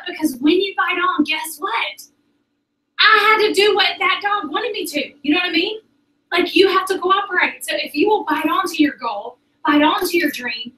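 High bright woman rallying a room. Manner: chatty, animated, addresses the audience as "y'all". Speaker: sales director. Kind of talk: motivational talk to a group. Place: meeting room with an audience. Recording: roomy sound from a distance.

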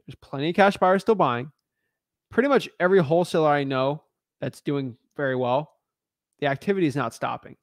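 A man hosting a live stream in a blunt, emphatic, slangy manner. His voice sits a bit high for a man. The sound is close and completely dry. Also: a little fast, dry recording. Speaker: host.

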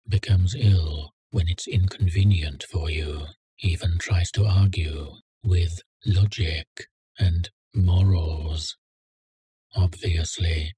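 Brief: husky low-voiced male narrator, slow and deliberate, dry close sound. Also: dark tone, no room sound. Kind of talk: scripted story narration.

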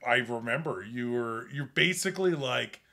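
A man's voice: medium pitch, lively intonation, normal speed, creaky, bright, forceful tone. A man co-hosting a casual comedy chat show, playful and joking, laughing often. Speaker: co-host.

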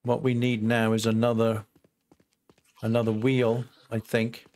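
A man's voice: mid-range voice, monotone, unhurried, darkish tone. An older man giving casual let's-play commentary, chatting and thinking aloud to his viewers as he plays. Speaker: gameplay host.

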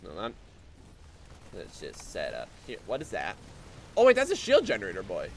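A man's voice: low voice, wildly swooping pitch, moderate pace, slight background noise. A man giving casual, sarcastic commentary while he plays a game, swearing and breaking into goofy exclamations. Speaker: game streamer.

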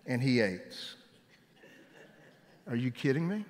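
A man preaching a sermon, telling stories with lively delivery and raising his voice when he quotes people. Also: mid-range voice, a little slow, pauses often. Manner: animated storytelling, voice jumping up for quoted shouts. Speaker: pastor. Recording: long hall reverb.

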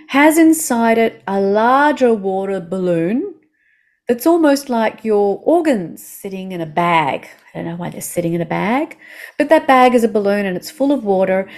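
Aussie lady talking you through a slow body-awareness class, calm soothing voice, lots of gentle questions. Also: a little high. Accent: Australian. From Australia. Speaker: movement instructor. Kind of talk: guided body-awareness lesson.

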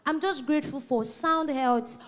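A woman's voice: sits high, moderate pace, a bit bright. A woman in her twenties giving an earnest, grateful testimony in church. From Nigeria. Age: 20s. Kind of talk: personal testimony at church service.

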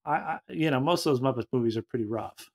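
A man co-hosting a casual podcast chat, joking and teasing, with halting restarts. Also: medium pitch, a little mellow. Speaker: podcast co-host.

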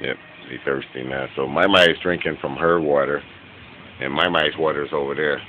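A man filming his dogs at home on a handheld camera, giving an excited, laughing, profane running commentary that turns quieter near the end. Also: brisk, narrow, tinny audio, a little hiss or hum. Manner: quieter and lower toward the end. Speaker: dog owner filming his pets. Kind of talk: casual home video commentary. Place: room in a home with a bed.

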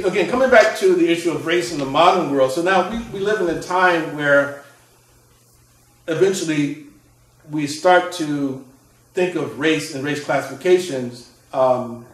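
A man lectures as a scholar explaining his work, his voice sitting on the higher side. He often restarts phrases and checks in with a rhetorical "right?". The sound is roomy and echoing, picked up from some distance. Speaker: author and Islamic scholar. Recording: echoey room, mic at a distance.

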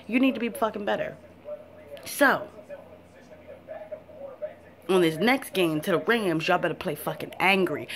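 A woman ranting about her football team in a fan vlog, blunt and profane. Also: on the low side. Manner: fired-up, cursing, blunt. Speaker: sports fan vlogger. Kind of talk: profane football rant to camera.

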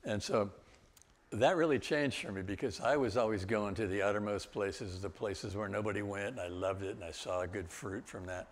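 A man's voice: fairly low pitch, normal speed. An older man, a guest speaker, telling travel stories in a loose, rambling way with chuckles and restarts. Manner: rambling, with laughs and many restarts. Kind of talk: storytelling talk.

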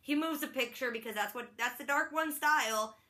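A woman's voice: high voice, fairly quick, pushed and bright. A young woman casually recapping a TV episode, chatty and playful, slipping into silly voices for the characters. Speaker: vlogger.

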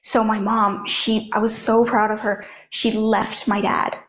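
Young woman with vocal fry, talking frankly. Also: mid-range voice, little pitch movement, measured pace, fairly bright tone. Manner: frank, conversational, heavy use of "like". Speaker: interview guest. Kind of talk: candid personal storytelling.

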